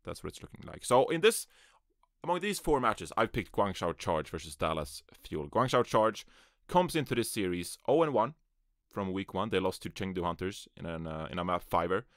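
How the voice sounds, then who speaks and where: A man's voice: low-pitched, lively intonation, moderate pace, fairly bright tone, no echo, clean studio sound. A man hosting his first solo esports podcast from a closet on a USB microphone, rambling and offhand, with self-deprecating asides. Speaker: podcast host. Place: small closet.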